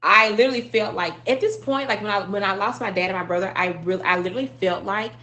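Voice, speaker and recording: Woman from Arkansas, mid-pitched, emotional and earnest storyteller, loose and filler-heavy. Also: quick pace, bright, forceful tone, a little hiss or hum. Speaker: speaker sharing a personal story. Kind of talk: heartfelt personal storytelling.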